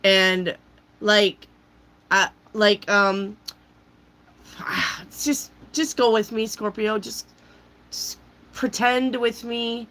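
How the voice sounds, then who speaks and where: A woman giving a casual tarot reading while she has a cold, chatty and loose, often clearing her throat. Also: medium pitch, steady tone, extremely slow, long pauses, fairly bright tone, low-quality recording. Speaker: tarot reader.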